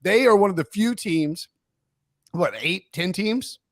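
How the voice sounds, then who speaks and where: Crowd noise sits behind a man whose voice sits high and animated, moving a little slowly. He co-hosts a sports podcast, rambling, self-correcting, and teasing while working through football takes in casual sports chat.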